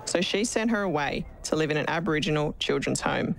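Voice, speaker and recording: Aussie lady reading a kids story, lively, lowish voice, music under it. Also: brisk, vocal fry. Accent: Australian. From Australia. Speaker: storybook reader, cricketer. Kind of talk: storybook narration. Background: background music.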